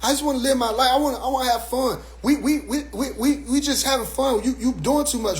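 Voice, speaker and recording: A man speaking in a casual, animated monologue on his own stream, repeating words as he restarts his sentences. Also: extremely high pitch, brisk, hardly any pauses, husky.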